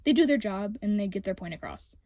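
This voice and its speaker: A woman's voice: mid-range voice, animated, fairly quick, no room sound, lo-fi sound. A woman hosting a writing-tips video, reading a scripted voice-over in a casual, opinionated, frank way.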